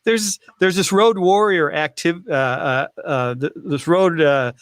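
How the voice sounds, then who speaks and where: A man, a sports camera operator, chatting casually as a guest over a video call, halting and restarting his sentences. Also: on the high side, fairly bright tone, no echo.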